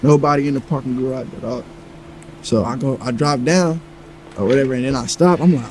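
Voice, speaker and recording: A man casually telling a tense personal story, animated and profane, acting out what others said. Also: medium pitch, fairly quick, slight background noise, low-quality recording. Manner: animated, acts out quoted lines, heavy profanity.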